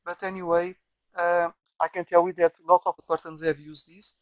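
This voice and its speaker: Rambling man, slightly high voice. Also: level tone, normal speed, dry recording. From Portugal. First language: Portuguese. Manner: rambling, with many repeated words and restarts. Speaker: software developer. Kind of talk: casual software walkthrough. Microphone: bad microphone.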